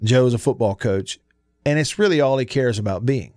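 Male radio host, relaxed and conversational, close dry studio mic. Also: mid-range voice, normal speed, dry recording. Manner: relaxed, chatty, laughs easily. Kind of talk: casual sports talk radio. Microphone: studio microphone.

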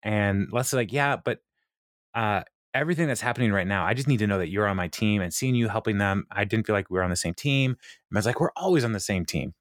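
A man co-hosting a podcast, casually retelling a sitcom episode with lots of fillers and quick laughs. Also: lowish voice, animated, no echo, clean studio sound. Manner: retells scenes with quoted lines, many fillers, laughs often. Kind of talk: casual chat.

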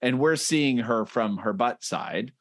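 A man's voice: mid-range voice, takes it slowly, no room sound, clean studio sound. A man co-hosting a casual comedy podcast, reading comic panels aloud and laughing often. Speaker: podcast co-host.

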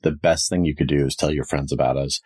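A man's voice: extremely low pitch, fairly even intonation, quick pace, darkish tone. A man hosting a tabletop game podcast, dry and wry, steering the segment in casual chat. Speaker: game master and host.

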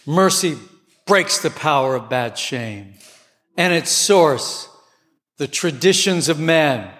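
A man preaching a sermon with passion, his voice climbing to near shouts at times. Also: a little high, lively intonation, slow pace. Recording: long hall reverb.

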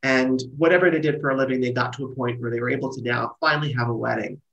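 A middle-aged man, a wedding planner and guest, telling stories in casual conversation with lively restarts and trailing phrases. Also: mid-range voice, fast talker, creaky, dull audio. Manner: animated storyteller, trailing restarts.

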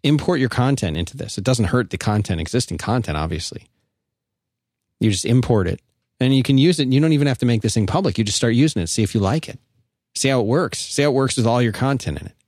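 A man's voice: mid-range voice, lively intonation, fast talker, a little mellow, no room sound, studio quality. A man hosting a call-in podcast, chatting loosely and joking, reading an ad in an offhand way. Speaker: podcast host taking calls. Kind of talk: casual call-in podcast talk.

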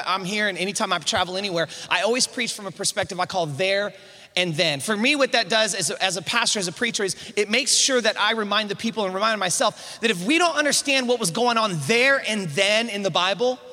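A man's voice: sits high, fast, sharp tone, big-room sound. A man preaching a sermon, calling the congregation to answer back and often repeating words as he builds up. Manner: call-and-response, rising to emphatic preaching; repeats words at starts of phrases.

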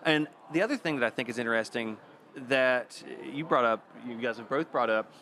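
A man's voice: medium pitch, lively intonation, fairly quick, sharp tone. A man moderating a panel discussion, enthusiastic as he hands turns to the guests.

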